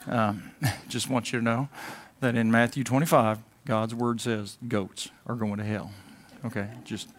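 This sermon comes from a pastor whose male voice is fairly low and level in tone, with a slightly slow pace. His preaching is conversational, moving from loud, emphatic moments to quiet asides, and he occasionally puts on whiny voices for comic effect.

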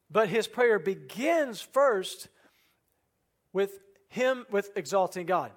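High-voiced preaching man. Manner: earnest preaching, drops soft and low on quoted prayers; asks the congregation rhetorical questions. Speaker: pastor. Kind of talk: sermon.

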